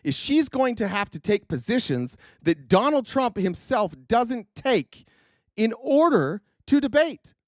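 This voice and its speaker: High-voiced man ranting profanely. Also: very animated, unhurried, no echo, studio quality. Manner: profane, heated, sarcastic; often restarts sentences. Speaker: political livestream host. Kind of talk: ranting political commentary.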